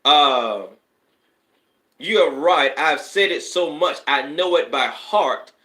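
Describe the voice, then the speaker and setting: Guy doing a spiritual live stream, kinda high bright voice, rambly then preachy bursts, roomy echo. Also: animated, slow pace. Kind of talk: casual live-stream talk to viewers. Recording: echoey room.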